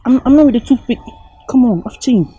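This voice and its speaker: A man's voice: fairly high pitch, sing-song, moderate pace, dark tone, husky, dry recording, faint music behind, low-quality recording. A man playing a desperate young boyfriend who begs his girlfriend for another chance, with a Ghanaian accent. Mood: pleading. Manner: pleading, repeats her name.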